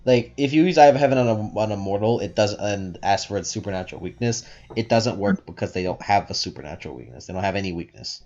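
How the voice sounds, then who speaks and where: Casting note: low-voiced male game master, rambling, lo-fi sound. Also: expressive, fast, few pauses, a little mellow. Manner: rambling, filler-heavy explaining. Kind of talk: narrating a tabletop game.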